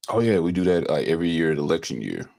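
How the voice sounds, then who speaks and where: A man's voice: deep voice, big pitch swings, fast, vocal fry, darkish tone. A man hosting a podcast in easygoing casual chat, leading the conversation into each topic. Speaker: podcast host.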